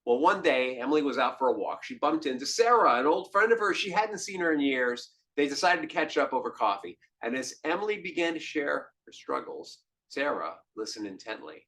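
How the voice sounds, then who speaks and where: A man hosting a relationship podcast, telling a story as a monologue with dramatic shifts between hushed lines and emphatic ones. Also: a little high, sing-song, fairly quick, hardly any pauses. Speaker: podcast host.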